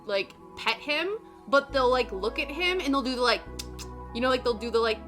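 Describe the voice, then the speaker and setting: A woman's voice: high-pitched, expressive, normal speed, a bit bright. A young woman chatting casually while she cross stitches on a stream, rambling through stories and answering chat. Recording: background music under voice.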